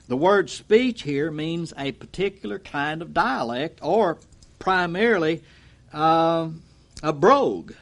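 A man preaching an expository sermon in a folksy way, acting out quotes and swinging from loud to low. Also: vocal fry.

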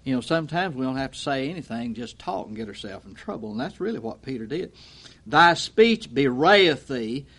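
A man preaching an expository sermon in a folksy way, acting out quotes and swinging from loud to low. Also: sing-song, normal speed, husky.

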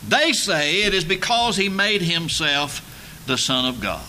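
A man preaching a sermon, emphatic and building to loud dramatic peaks. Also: a little high, big pitch swings, a little slow, a little hiss or hum.

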